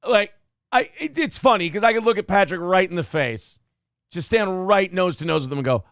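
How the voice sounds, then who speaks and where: A man's voice: on the high side, animated, brisk, a bit bright, clean tone, no room sound, clean studio sound. A man hosting a morning show, giving crude, mocking commentary over video clips, getting worked up.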